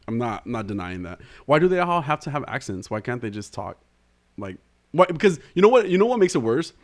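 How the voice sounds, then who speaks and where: A man's voice: medium pitch, big pitch swings, fairly quick. A man co-hosting a podcast in casual chat, who laughs often and talks hesitantly with many fillers and restarts. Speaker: podcast co-host.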